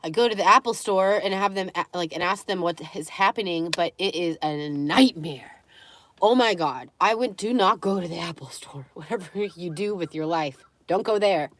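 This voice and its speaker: A woman's voice: fairly low pitch, moderate pace, fairly bright tone. A young woman chatting casually on a live stream, with a runny nose, who slips into cooing baby talk with her dogs.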